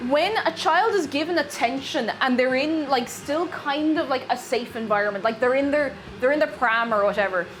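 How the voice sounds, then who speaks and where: A woman's voice: sits high, moderate pace, hardly any pauses, a little hiss or hum. A young Irish woman streaming from her home kitchen, chatting casually, rambling through asides and reading viewer messages aloud. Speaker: streamer baking live.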